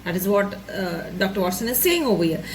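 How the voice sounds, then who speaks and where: A woman's voice: mid-range voice, big pitch swings, a little fast, a little hiss or hum, low-quality recording. A woman teacher explaining a story to students, repeating and rephrasing each point and checking in with "right?" and "isn't it?".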